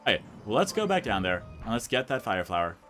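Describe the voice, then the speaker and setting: A young man with a lowish voice chatting loosely over his gameplay, rambling as he goes and filling nearly every sentence with "like". It is relaxed let's play commentary with faint game music under him. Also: quick pace.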